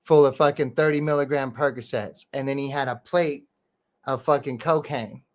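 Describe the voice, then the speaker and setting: A man hosting a podcast, telling stories in a rambling, profane way, full of "bro" and "dude". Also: fairly high pitch. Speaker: podcast host and rapper. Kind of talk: casual storytelling chat.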